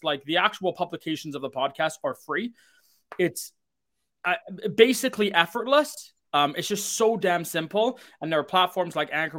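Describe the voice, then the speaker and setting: Man, podcast host, higher pitch, energetic, chatty, live show. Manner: energetic, talkative, many fillers.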